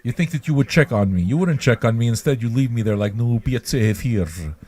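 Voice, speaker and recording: A man's voice: medium pitch, animated, quick pace, a little mellow. Rambling, profane male show host. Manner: rambling, mocking, profane, repeats himself. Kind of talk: profane ranting livestream monologue.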